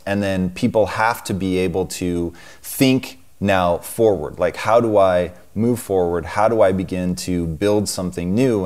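Low-ish dude interviewer, thinks out loud, long winding questions. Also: male voice. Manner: thoughtful, builds long questions. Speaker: interview show host.

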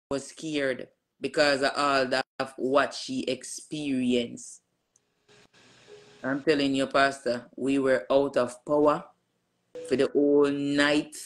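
A middle-aged woman telling her pastor what happened to her, in an emphatic way and acting out what people said. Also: low voice. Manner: emphatic storyteller who re-enacts dialogue with many "I said". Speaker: church member giving a testimony to her pastor. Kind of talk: casual spoken testimony.

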